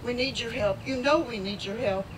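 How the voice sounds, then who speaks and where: A woman speaking at a rally, halting and heartfelt, close to tears at times. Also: a little high. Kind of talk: emotional outdoor speech. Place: outdoors at a riverside lock. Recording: distant mic, loud outdoor noise.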